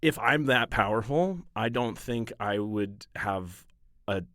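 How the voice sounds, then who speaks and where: A man's voice: lowish voice, fairly bright tone, no room sound, studio quality. Joking podcast co-host, a man. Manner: jokey, quick to laugh at his own gags. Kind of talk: casual podcast banter.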